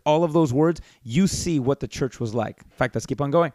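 A man's voice: medium pitch, normal speed, darkish tone, dry recording. A man preaching a sermon, growing impassioned and emphatic as he scolds. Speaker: pastor.

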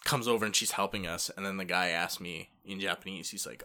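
A young man from Canada, co-hosting a casual chat and telling stories in an animated way, swearing freely. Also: sits low, a little fast.

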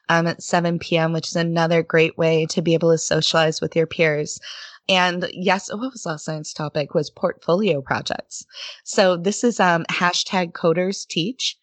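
A woman's voice: on the low side, fairly even intonation, moderate pace, no echo. A woman guest on a podcast, chatting casually and animatedly, laughing often and slipping into quoted voices as she tells stories. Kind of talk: casual interview conversation.

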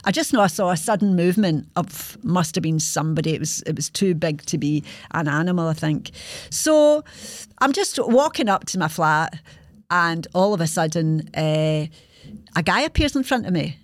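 A woman's voice: lowish voice, expressive, moderate pace, dry recording, studio quality. A woman in her sixties with a Scottish accent, hosting a podcast and telling a personal story in a frank, earthy way, swearing freely. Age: 60s. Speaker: podcast host.

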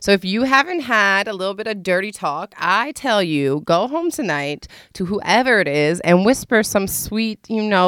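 A woman's voice: mid-range voice, no echo, studio quality. A woman hosting her own show, talking frankly and casually with lots of fillers and laughs. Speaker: host. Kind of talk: casual candid advice monologue.

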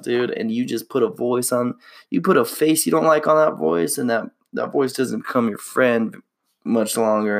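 A man's voice: medium pitch, vocal fry. A young man hosting a casual solo podcast, laid-back and slangy, reflecting on his life. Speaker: podcast host.

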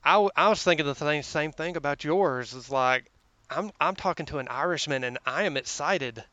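A man with a Southern American drawl, chatting as a podcast guest in a slow, friendly way. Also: a little high, sharp tone, muffled recording. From Southern United States. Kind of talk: casual podcast chat.

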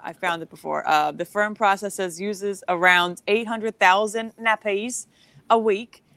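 A woman comedian chatting as a podcast guest, giggly and rambling, telling stories in an animated way. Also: medium pitch, measured pace, no room sound. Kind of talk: casual podcast chat.

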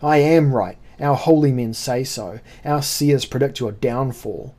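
A man puts on a barbarian ship captain for a storybook reading, loud and defiant, his voice pushed a little above the reader's own. The captain is scared but fierce, hurling accusations at his enemy. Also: medium pitch, measured pace, close to an everyday voice. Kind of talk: audiobook character voice.

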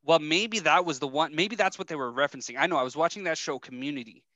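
A man's voice: fairly high pitch, quick pace, sharp tone, dry recording, dull audio. A young man co-hosting a podcast, telling rambling stories and laughing often in casual chat. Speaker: podcast co-host.

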